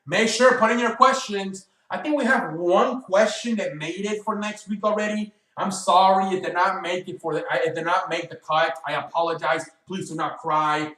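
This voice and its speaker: A male sports host talks in a high, rambling voice full of fillers and curses. He sounds set back from the microphone. The room around him is echoey. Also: moderate pace, few pauses, fairly bright tone, far from the mic. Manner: rambling, profane, with many fillers. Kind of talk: casual solo show wrap-up. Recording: roomy, away from mic.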